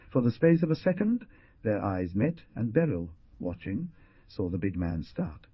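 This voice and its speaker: A man's voice: fairly low pitch, moderate pace, slightly rough, dry recording. A man giving a dramatic, theatrical audiobook narration on a dull lo-fi recording. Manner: expressive, theatrical.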